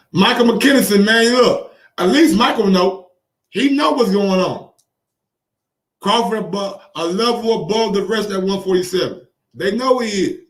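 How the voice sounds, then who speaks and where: A man with a high voice hosts casual boxing commentary, talking in an excitable, profane way and circling back over the same phrases. He sounds set back from the mic in a roomy, echoing space. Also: recorded from a distance. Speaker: boxing commentary channel host.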